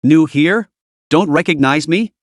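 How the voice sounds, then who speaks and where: A man's voice: a little high, a little slow, no room sound, clean studio sound, lightly acted. A man voicing a smug, lecherous ghost hunter in a suit who taunts his rival. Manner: mocking and smug.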